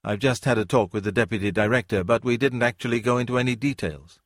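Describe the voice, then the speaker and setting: A man's voice: mid-range voice, fairly even intonation, fast talker, no room sound, lightly acted. Man doing a young male academic, hesitant, polite, dry close sound, audiobook. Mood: tentative.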